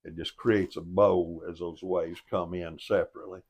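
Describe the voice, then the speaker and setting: Older man with a very low voice, folksy motivational storyteller, plain-spoken and earnest. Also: level tone, normal speed, a little mellow, breathy edge. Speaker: storyteller and life coach.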